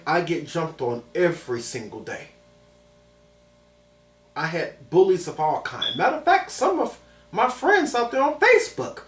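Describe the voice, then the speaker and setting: A man in his thirties from Chicago tells a story with lots of emphasis and repeated phrases. His pitch swings widely as he talks. The voice sounds roomy and distant, with the mic set well away from him. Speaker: vlogger. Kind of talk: personal storytelling.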